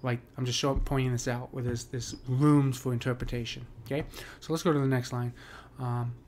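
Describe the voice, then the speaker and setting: A man's voice: medium pitch, level tone, brisk, darkish tone, slight background noise. A man walking through a poem's meter in a casual screen-share lesson, with lots of fillers and "right?" checks. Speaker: poetry teacher.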